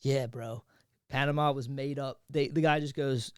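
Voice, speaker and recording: A man co-hosting a podcast, telling a history story in animated, profane, slangy casual chat. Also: medium pitch, normal speed, clear, resonant tone, no room sound, studio quality. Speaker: podcast co-host.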